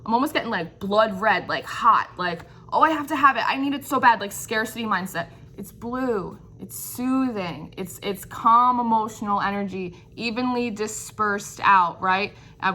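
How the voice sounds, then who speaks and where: A tarot reader with a medium-pitched, pushed, bright voice gives an intuitive reading. She muses aloud, hunts for words, keeps asking "right?", and stays encouraging and affirming.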